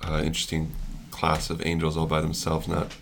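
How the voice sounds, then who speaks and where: Male pastor, very deep, gravelly, monotone, thinking aloud. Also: brisk, a little hiss or hum. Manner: thinks aloud, searching for words. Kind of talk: devotional discussion.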